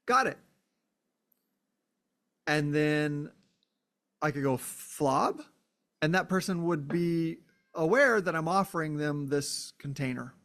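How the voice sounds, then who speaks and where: A man with a somewhat high voice talks through a philosophical idea in a reflective solo podcast. He thinks aloud, with fillers and many "right?" checks. Now and then he acts out short exclamations. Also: measured pace, long pauses, a bit bright. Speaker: podcast host.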